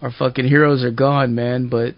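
A man in his forties hosting an interview, chatting in a relaxed and agreeable way and swearing freely. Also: medium pitch, normal speed, dry recording, highs cut off. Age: 40s. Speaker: show host. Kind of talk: casual interview chat.

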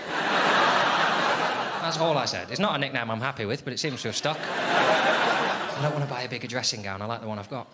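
A man's voice: moderate pace, long pauses. A man doing a wry, self-deprecating stand-up routine in front of a live audience. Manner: wry, self-deprecating, with lively pitch swings. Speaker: stand-up comedian. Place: comedy venue with a live audience. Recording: noisy live stage recording.

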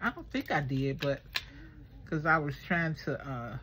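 An excitable woman gushes her way through an unboxing. She talks slowly in a lowish voice. A faint hum of room noise sits behind her. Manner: gushing, excitable, talks to viewers as girl and y'all. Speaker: craft vlogger unboxing swap gifts. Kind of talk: casual unboxing chat.

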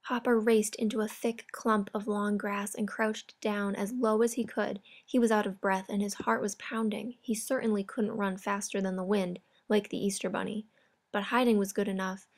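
A woman narrating a children's storybook in a calm, clear way. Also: medium pitch, normal speed.

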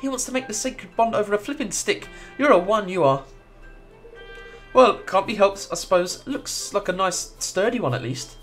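A chatty, easily offended little creature, as a man reads him aloud, pushed higher than his own voice. He sounds chirpy and sarcastic, bouncing around a lively range. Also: normal speed, soft background music. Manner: chirpy, sarcastic, mock-hurt. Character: cheeky little male creature, touchy and chatty.

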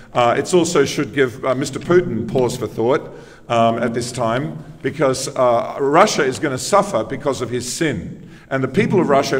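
A man's voice: fairly high pitch, in a large hall. A man preaching a sermon, telling the story conversationally and asking emphatic rhetorical questions. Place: church.

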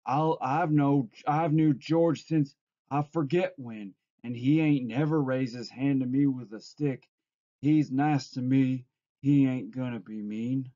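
A man's voice: mid-range voice, steady tone, slow, dark tone, close to an everyday voice. A man doing a childlike, pleading simple man. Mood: stubborn. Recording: dull lo-fi recording.

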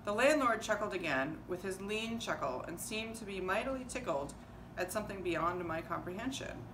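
A woman giving an expressive, measured public reading of a novel in a museum hall. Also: medium pitch, distant mic. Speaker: volunteer reader. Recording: roomy hall with ambient noise.

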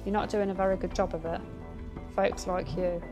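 A woman's voice: mid-range voice, little pitch movement, normal speed, lo-fi sound, over music, natural voice. A woman voicing a sardonic young adult female cat, a gloomy college dropout, in a dry, self-mocking mutter over game dialogue. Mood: defensive.

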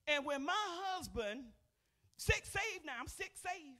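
An older woman preaching a personal testimony from a church pulpit. She speaks in a folksy, conversational way and keeps calling out to the congregation. Her voice jumps from loud, emphatic bursts to near-murmured asides. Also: extremely high pitch, very animated, slow pace. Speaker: pastor. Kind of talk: testimony sermon. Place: church sanctuary.

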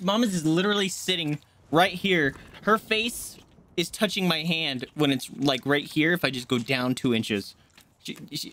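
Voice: medium pitch, moderate pace, a bit bright. A game streamer chatting casually on a live stream, often cooing baby talk at a pet dog between gameplay remarks.

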